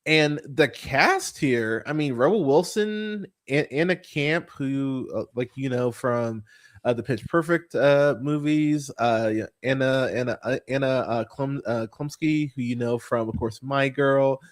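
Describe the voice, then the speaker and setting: A man hosting a casual movie podcast, rambling and swearing freely, full of fillers and restarts, and turning animated when he mocks what he saw. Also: medium pitch, measured pace. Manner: animated when mocking characters. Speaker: podcast host. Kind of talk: casual movie review chat.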